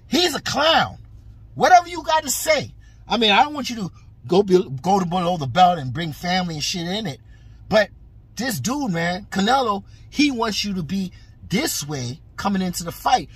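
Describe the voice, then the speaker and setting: Husky man ranting, voice swooping high. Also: lively intonation, normal speed, dry recording. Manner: heated, frustrated, emphatic. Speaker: boxing commentator. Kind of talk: casual profane rant.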